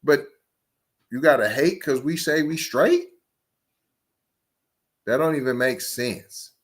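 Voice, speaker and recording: A man hosting a podcast, reacting to a clip in a confrontational way with rapid rhetorical questions. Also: medium pitch. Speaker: podcast host. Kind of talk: reaction commentary.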